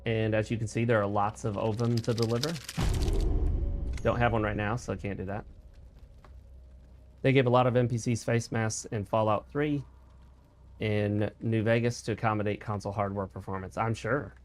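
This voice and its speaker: A man's voice: lowish voice, steady tone, normal speed, pauses often. A man talking casually while he streams a video game, explaining mechanics and sharing opinions as he plays. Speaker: gaming streamer. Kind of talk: casual let's-play commentary.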